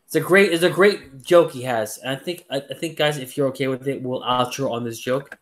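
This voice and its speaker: In casual chat as a podcast co-host, this man rambles, leaning on fillers and repeating words. He has a mid-range voice and talks fairly quickly.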